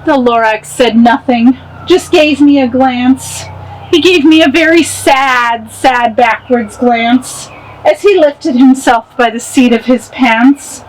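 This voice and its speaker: A woman reads a rhyming picture book aloud in a high, expressive voice. She takes it slow and unhurried, with a faint hiss in the background. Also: poor audio. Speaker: storybook reader.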